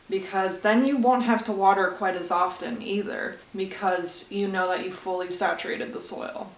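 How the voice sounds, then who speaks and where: A woman talking through a casual how-to demo at home. She is chatty and conversational, tossing asides to the viewer. Her mid-pitched voice rings with a roomy echo. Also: fairly bright tone. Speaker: plant care vlogger.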